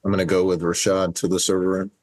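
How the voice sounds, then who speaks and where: A man's voice: sits low, completely flat delivery, fast, a little mellow, no room sound. A man playing a tabletop role-playing game, describing what his character does. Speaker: player. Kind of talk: casual tabletop play.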